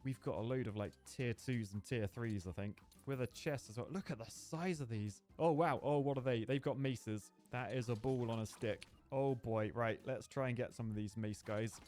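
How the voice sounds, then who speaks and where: Guy streaming a game, chatty and excitable, mid pitch, bit of music in the background. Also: moderate pace, hardly any pauses. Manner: chatty, excitable, jokey running commentary. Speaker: gaming streamer. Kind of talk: live gameplay commentary. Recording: faint music behind the voice.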